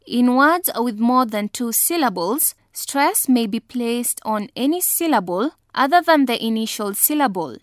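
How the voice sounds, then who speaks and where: A woman with a slightly high voice gives a slow, carefully enunciated pronunciation lesson. She drills example words one at a time in a measured, deliberate way. The recording is close and dry. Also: expressive, no room sound. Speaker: English pronunciation teacher.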